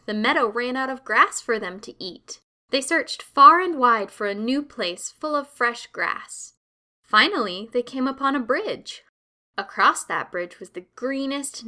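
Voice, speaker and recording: A woman narrating classic children's stories in a slow, clear and expressive storytelling manner. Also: a little high.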